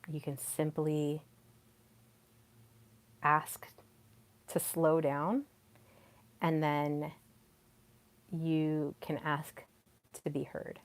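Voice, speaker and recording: Slow, low-voiced woman podcaster. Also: little pitch movement. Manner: slow, soft and deliberate, with many pauses. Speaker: podcast host. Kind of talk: solo podcast talk on communication.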